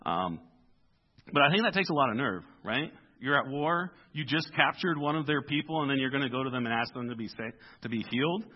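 A male pastor delivers a casual, conversational sermon in a church, acting out the people in the story with everyday voices. His pitch sits in a middle range, and the recording sounds dull and lo-fi. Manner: animated, acts out the story characters in casual voices.

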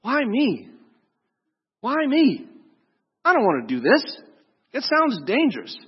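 A man's voice: very high-pitched, huge pitch swings, slow, husky, long reverb tail, muffled recording, pitched above the performer's own voice, full character voice. A man voicing a reluctant, anxious man who pleads and makes excuses, in a whiny tone. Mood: pleading.

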